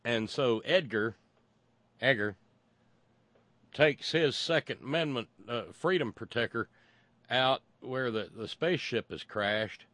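A man's voice: mid-range voice, animated, slow pace, long pauses, pushed and bright, no room sound. Rambling sarcastic man. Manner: rambling and sarcastic, many restarts. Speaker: commentator. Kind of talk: casual monologue commentary.

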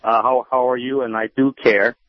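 A man's voice: mid-range voice, level tone, moderate pace, crowd noise. A man in his fifties with a nasal voice, calling a radio show, hesitant with dry humor. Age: 50s. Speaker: caller. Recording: phone line call.

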